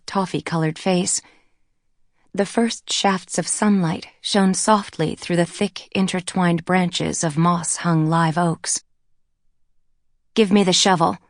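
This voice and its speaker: Low-voiced woman reading a novel. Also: dry recording, clean studio sound. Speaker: audiobook narrator. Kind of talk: scripted narration.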